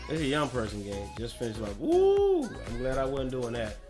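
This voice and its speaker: With faint music underneath, a young man speaks a little fast in a mid-range voice during his gaming stream. He rambles casually across topics, using slang and often talking to himself.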